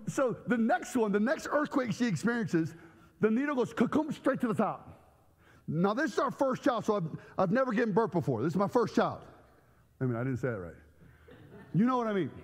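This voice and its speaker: A man preaching a sermon to a church congregation, telling comic stories with loud outbursts. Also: very high-pitched, fairly quick, big-room sound. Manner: animated storytelling with comic outbursts. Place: church sanctuary.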